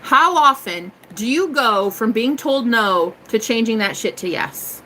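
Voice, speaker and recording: A woman tarot reader chatting casually on a live stream, animated and laughing often, swearing freely and breaking into snatches of song. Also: fairly high pitch, unhurried, a little hiss or hum, poor audio.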